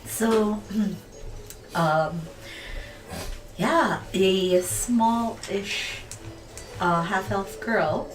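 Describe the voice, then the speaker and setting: A woman playing a tabletop game, describing her character in a very slow, halting way full of fillers. She sounds far from the mic in an echoey room, with music clearly playing behind her. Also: medium pitch. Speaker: player. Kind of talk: casual tabletop role-play narration.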